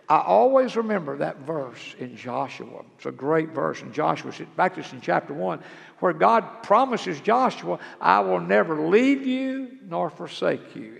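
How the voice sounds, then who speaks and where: An older male preacher with a heavily gravelly, slightly high voice. He speaks in a folksy, earnest way. His words echo through a large hall. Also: animated, measured pace. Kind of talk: sermon. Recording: long hall reverb.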